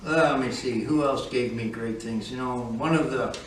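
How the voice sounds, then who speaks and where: A man's voice: medium pitch, normal speed, noisy background. A man instructing flight students in a classroom, speaking in a firm, direct, lecturing manner. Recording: echoey room, from far off.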